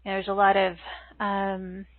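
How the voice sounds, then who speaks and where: A woman's voice: medium pitch, completely flat delivery, normal speed, dry recording. A woman podcast host interviewing a guest, affirming and agreeing, with many fillers. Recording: dry tinny phone line.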